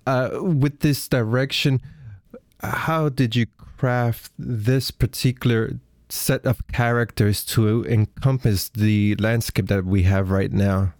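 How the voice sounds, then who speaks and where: A man hosting a podcast interview who asks his questions haltingly and stumbles over his words. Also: mid-range voice, steady tone, darkish tone, no echo, studio quality.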